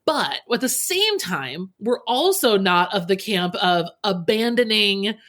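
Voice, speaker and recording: A woman's voice: medium pitch, sing-song, takes it slowly, fairly bright tone. A woman hosting a podcast interview. She is enthusiastic and rambles a little as she sets up her questions, keeping the chat casual. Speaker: podcast host.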